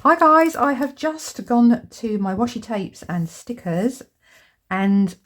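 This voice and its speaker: Chatty woman, a bit husky. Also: mid-range voice, takes it slowly. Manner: chatty, excitable, lots of tag questions. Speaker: crafting channel host. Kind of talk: casual crafting chat to camera.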